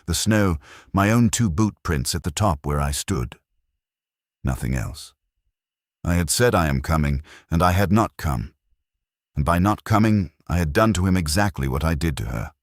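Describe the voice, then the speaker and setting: Very deep-voiced man, somber horror narration. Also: expressive, no echo, studio quality. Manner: measured, somber, confessional. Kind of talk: first-person horror story narration.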